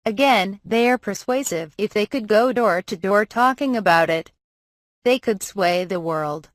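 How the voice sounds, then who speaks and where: A woman reading a magazine profile aloud as scripted narration, measured and even. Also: mid-range voice, no echo. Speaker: article reader.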